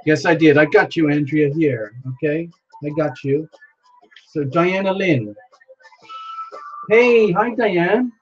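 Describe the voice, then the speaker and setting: Live-stream host, slow unhurried delivery, excitable exclamations, greets viewers by name, dull lo-fi sound, faint music underneath. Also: mid-range voice. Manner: excitable, many exclamations, reads viewer names aloud while scrambling to keep up. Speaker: livestream host.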